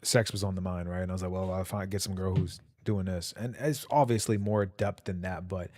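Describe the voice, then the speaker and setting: A man's voice: deep voice, steady tone, a little fast, a little mellow, dry recording, studio quality. Slangy young man telling stories. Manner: loose, slangy, rambling, laughs often. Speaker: streamer. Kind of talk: casual storytelling stream. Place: home.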